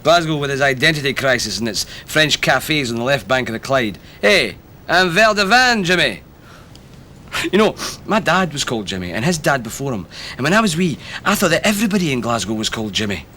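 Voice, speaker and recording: A wry Glasgow storyteller. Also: male voice, medium pitch, big pitch swings, a little fast, bright, forceful tone, slight background noise. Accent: Glaswegian. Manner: wry, storytelling, dry wit. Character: wry middle-aged Glasgow man, a born raconteur. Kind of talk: TV comedy drama acting.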